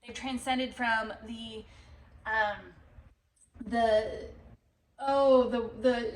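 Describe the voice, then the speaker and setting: Slow-talking woman reading tarot cards. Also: high-pitched, reverberant, distant mic, rough recording. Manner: rambling, animated, swears and laughs. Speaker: tarot reader.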